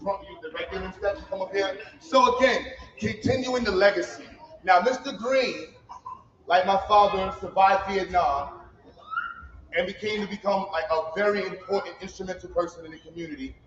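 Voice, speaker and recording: A founder addresses graduates in an event hall with a sincere, informal speech in emphatic street talk, his high voice fairly bright and his pace normal. A little hiss or hum sits under the roomy, slightly dull livestream sound with its faint ambience.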